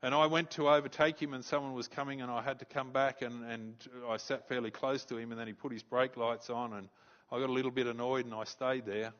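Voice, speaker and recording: An Australian man, a pastor, preaching a sermon and telling a story, animated and stumbling over repeated words. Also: medium pitch, fairly quick, dull audio. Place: church.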